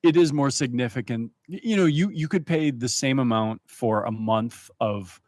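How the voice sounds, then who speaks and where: A man's voice: mid-range voice, moderate pace, darkish tone, no echo. A man talking casually on a podcast as a poker player and coach, often stumbling and repeating words as he thinks. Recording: dry close sound.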